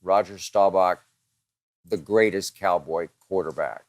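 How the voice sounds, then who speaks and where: A man's voice: low-pitched, a little slow, no echo, clean studio sound. A man hosting a show, answering listener questions in a dramatic, emphatic monologue that piles up strong words.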